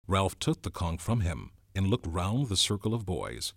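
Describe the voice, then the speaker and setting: A man reading a novel aloud in a measured, expressive narration. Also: sits low, gravelly, no echo, clean studio sound. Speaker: reader.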